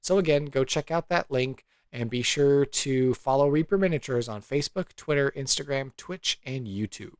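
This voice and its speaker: A man's voice: mid-range voice, normal speed, few pauses, clean tone, no room sound. A man hosting a podcast and narrating a tabletop role-play scene as game master, rambling casually with fillers as he describes the setting.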